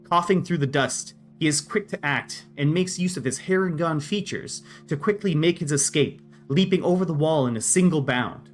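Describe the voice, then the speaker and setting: A man serving as game master, narrating scenes in a steady, descriptive way. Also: fairly high pitch, moderate pace, few pauses, faint music behind.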